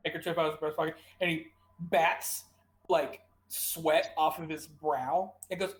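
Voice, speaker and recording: A woman narrating as game master of a tabletop game, talking casually and quickly with trailing fillers. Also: low voice, steady tone.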